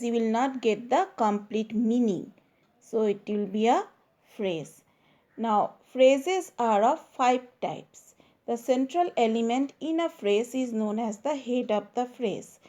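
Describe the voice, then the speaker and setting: Woman teacher, slow and deliberate, dictating grammar points to students and leaning on key words; mellow, slightly high voice.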